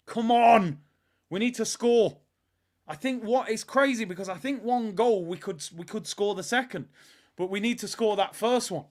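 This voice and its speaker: High-voiced guy ranting through a live football watch-along, fed up, muttering then shouting. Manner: exasperated, ranting, swings between mutters and shouts.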